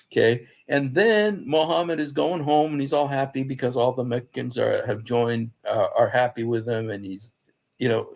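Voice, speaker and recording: A man with a mid-pitched, gravelly voice talks through scripture in an easy, conversational way. He tells it as a story and slips into the voices of the people he quotes. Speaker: Christian apologist speaker. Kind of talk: informal talk on scripture.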